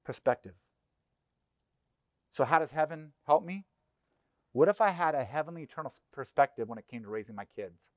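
A middle-aged man preaching a sermon in a conversational, animated way, acting out little voices. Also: fairly high pitch, fairly quick, long pauses, no room sound, clean studio sound. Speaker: pastor. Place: church.

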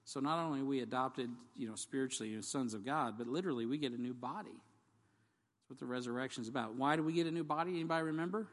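A man's voice: medium pitch, fast talker. Preacher man in a reverberant hall. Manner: conversational and jokey, quizzing the congregation. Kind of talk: sermon.

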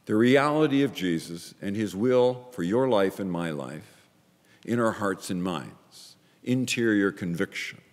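A man preaching a sermon as a pastor, emphatic, repeating phrases in pairs and swinging between loud and quiet. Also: fairly low pitch, in a large hall.

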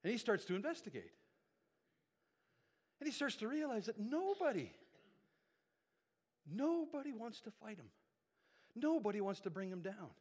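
A man preaching a sermon, retelling a Bible story as an animated storyteller who checks in with his listeners. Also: high voice, normal speed, long pauses. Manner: animated storyteller with conversational asides. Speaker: pastor.

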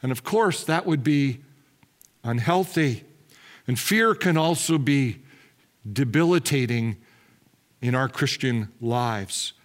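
A man delivering a sermon as pastor, candid and measured, slowing and dropping his voice on key words. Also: medium pitch, lively intonation. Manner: candid, self-deprecating asides with light laughs.

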